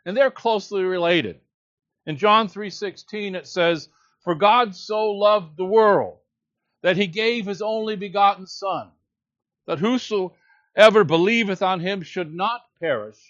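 Slow, high-voiced preacher. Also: male voice, a bit bright, no room sound, muffled recording. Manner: earnest, measured teaching with emphatic quotes. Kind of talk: sermon.

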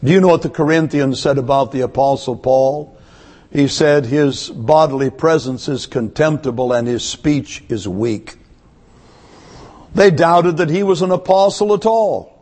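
A man's voice: on the high side, a little slow, darkish tone. A man preaching a sermon to his church, emphatic and asking one rhetorical question after another. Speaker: pastor. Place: church service.

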